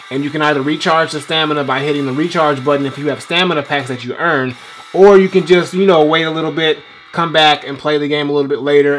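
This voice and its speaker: A man's voice: on the high side, a bit bright. A man giving loose, rambling gameplay commentary as a game reviewer, swearing freely while he plays.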